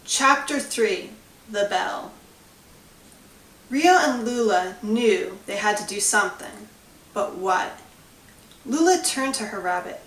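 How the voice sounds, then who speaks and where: A woman author reading her children's story aloud with expressive, measured storytelling. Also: mid-range voice, slight background noise. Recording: roomy, distant recording.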